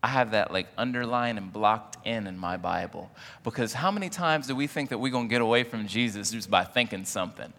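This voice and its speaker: A man preaches in a church with a bright, forceful tone, joking easily and putting questions to the congregation. His words ring out with a long hall reverb behind them. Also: fairly low pitch, brisk. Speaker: pastor. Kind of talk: sermon.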